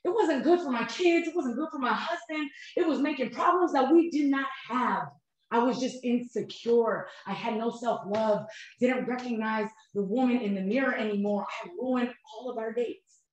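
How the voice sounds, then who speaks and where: A woman talks straight to her viewers, animated and heartfelt, calling them "you guys." Her voice sits a touch high. It rings with heavy echo from a bare room. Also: moderate pace, lo-fi sound. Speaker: host of a couples health channel. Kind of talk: emotional personal talk to viewers. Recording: very echoey room.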